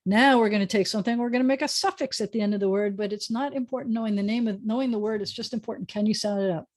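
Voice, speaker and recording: A woman's voice: medium pitch, a little mellow. Woman teaching hebrew on a video call. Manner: patient, sounds out words slowly, chatty asides. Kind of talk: online Hebrew lesson.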